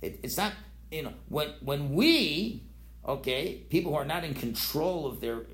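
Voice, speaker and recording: A man teaching an informal Torah philosophy class, lively and conversational, acting out quoted voices and often restarting his sentences. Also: a little high, normal speed, a little hiss or hum. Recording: roomy echo.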